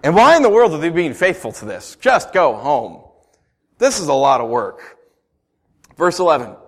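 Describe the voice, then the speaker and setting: Guy pastor preaching, kinda high voice that jumps all over, chatty, keeps asking "right?". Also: big pitch swings, normal speed. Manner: conversational, frequent rhetorical questions. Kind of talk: sermon with scripture reading.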